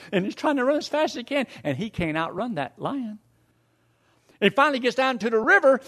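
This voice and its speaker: Folksy preacher guy telling a story, voice sits a bit high and swoops all over. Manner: animated, folksy storyteller who acts out the scene.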